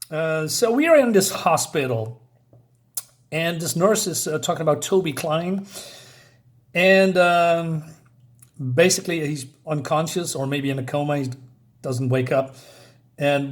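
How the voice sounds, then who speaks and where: Excited man with a fairly high voice. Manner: enthusiastic, chuckles often, says "badass" and "right?". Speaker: comic book reviewer. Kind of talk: casual comic review with read-aloud panels.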